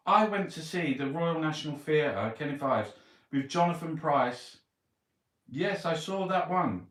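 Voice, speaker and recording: A man's voice: a little high, expressive, a little slow, fairly bright tone. A middle-aged man with a Cockney accent who rambles through a newspaper review, grumbling and swearing to himself. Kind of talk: rambling casual monologue. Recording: roomy, distant mic with background noise.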